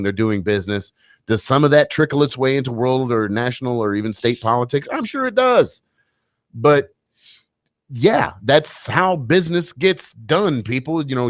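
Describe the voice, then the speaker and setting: A man's voice: medium pitch, no room sound. A man hosting a radio talk show, bantering casually with wry, joking asides.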